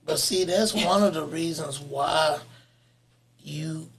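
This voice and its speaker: A man hosting a casual podcast interview, speaking with a gravelly voice and giving affirming replies. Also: a little high, takes it slowly, a bit bright, slight background noise. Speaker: podcast host.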